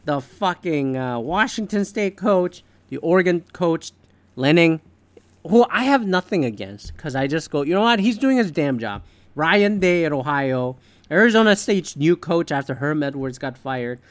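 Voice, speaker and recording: A man's voice: a little high, very animated, unhurried, no echo. A man hosting a podcast, delivering a heated, profane, opinionated sports rant in casual talk. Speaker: podcast host.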